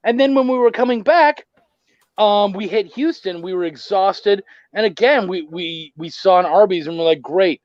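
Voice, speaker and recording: A loud, gregarious man hosting a casual chat, telling animated, profane stories. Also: high voice, normal speed, dry recording, highs cut off. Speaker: podcast host.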